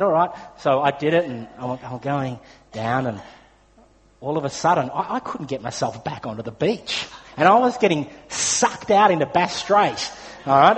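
An Australian man preaching a sermon, telling a personal story in a chatty way with frequent fillers. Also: on the high side. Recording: long hall reverb.

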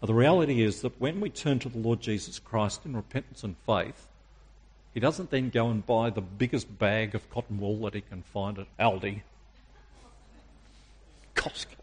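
A man preaching a sermon, emphatic and using dramatic pauses and rhetorical questions. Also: fairly low pitch, husky.

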